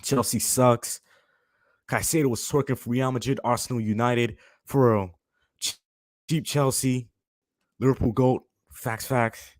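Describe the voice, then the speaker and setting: A young man in a furious live-stream rant, calling everyone "bro" as he vents. His voice sits at an ordinary pitch and comes through a close microphone with no room sound at all. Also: fairly even intonation, unhurried, no room sound. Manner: heated, repetitive, says "bro" constantly. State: fuming. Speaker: fan channel host.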